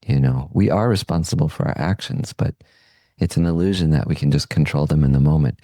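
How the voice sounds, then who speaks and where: Low gravelly male voice, mellow and unhurried; a meditation teacher reflecting calmly. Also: no echo. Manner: calm, unhurried, gently reflective. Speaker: podcast host and meditation teacher. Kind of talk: reflective Buddhist teaching talk.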